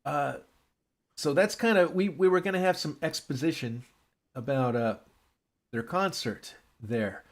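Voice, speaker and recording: A man's voice: a little high, measured pace. A man in casual chat, rambling through a script recap and acting out characters' lines.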